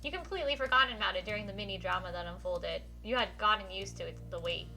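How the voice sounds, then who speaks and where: Brief: woman game streamer, bright tone, fairly high voice, giggly read-aloud, faint music behind. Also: quick pace. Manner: giggly, animated, reads text aloud and reacts. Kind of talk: live-streamed visual novel playthrough, reading aloud.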